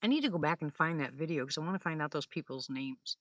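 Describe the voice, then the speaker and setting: With a low, fairly bright voice and lively intonation, an older woman talks quickly to her livestream viewers, with no echo. She laughs a lot as she wanders through stories in relaxed chat.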